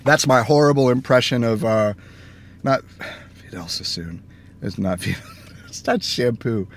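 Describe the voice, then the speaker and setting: A man chatting casually from his car while driving, telling stories in an animated way and acting out both sides of each exchange. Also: mid-range voice, measured pace. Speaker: gaming vlogger. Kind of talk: casual chat. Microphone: phone camera. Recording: faint road noise inside a moving car. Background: faint car and road noise.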